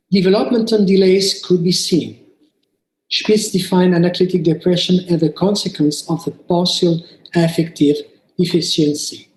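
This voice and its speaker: A man reading a prepared clinical case presentation at a conference, slow and measured, lifting his voice for quoted play dialogue. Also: darkish tone, echoey room, rough recording. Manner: slow and measured, raises pitch for quoted child-play lines.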